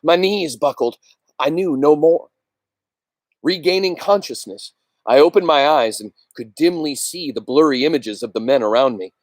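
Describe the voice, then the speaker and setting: A man reading a novel aloud with expressive delivery, pausing for asides to his listeners. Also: on the high side, no echo. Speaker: reader.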